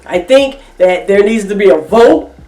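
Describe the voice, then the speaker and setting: A woman's voice: medium pitch, animated, unhurried, warm tone, distant mic, soft background music. A middle-aged woman giving emphatic, repetitive opinion commentary in a reaction vlog, with features. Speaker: reaction vlogger. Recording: echoey room, voice off-mic.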